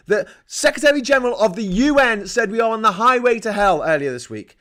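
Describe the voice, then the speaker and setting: A man's voice: high voice, expressive, moderate pace, hardly any pauses, fairly bright tone. A man hosting a livestream, giving profane, heated and indignant political commentary into a desk mic. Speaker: livestream host.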